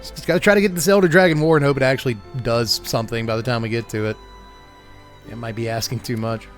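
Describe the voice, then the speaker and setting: A man's voice: mid-range voice, fast talker, soft background music. A man hosting a card game channel, giving wry, joking gameplay commentary and chuckling often.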